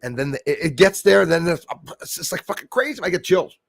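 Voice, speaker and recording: A man's voice: high voice, very animated, quick pace, vocal fry, no room sound, studio quality. A man hosting a casual livestream chat, rambling and emotional, swearing freely. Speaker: host.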